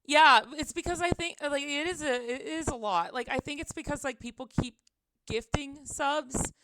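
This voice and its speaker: A woman's voice: high-pitched, moderate pace, sharp tone, slight background noise. A young woman chatting casually on her live stream from her apartment, giggling often, her voice a little tired, into a desk microphone.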